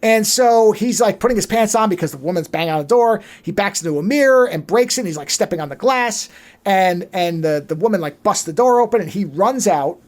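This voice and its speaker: Man, high voice, chatty podcast co-host, lively profane plot recap. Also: brisk. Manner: animated storyteller, swears freely. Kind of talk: casual movie recap.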